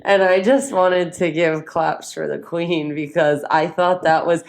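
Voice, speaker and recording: Woman, podcast co-host, lowish voice, casual storytelling, quotes others. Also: fairly even intonation, a little slow. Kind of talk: casual chat.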